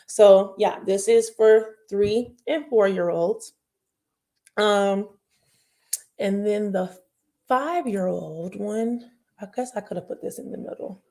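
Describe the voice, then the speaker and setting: Young woman child care provider, casual and candid, middle-pitched, rambling with fillers. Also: warm tone. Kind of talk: casual talk to parents.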